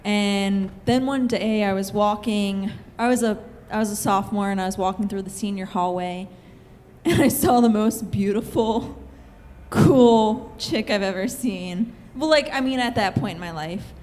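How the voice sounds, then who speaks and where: A woman's voice: medium pitch, unhurried, darkish tone. A young woman telling a true-life story on stage, chatty and giggly, with lots of filler words. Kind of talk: live comic storytelling. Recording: hall reverb, faint room noise.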